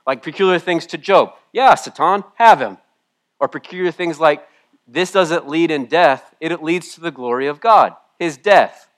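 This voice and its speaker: Male pastor, tearful sermon, swings between soft reading and loud pleading. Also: a little high, normal speed. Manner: emotional, swings from hushed to loud. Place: church room with a congregation.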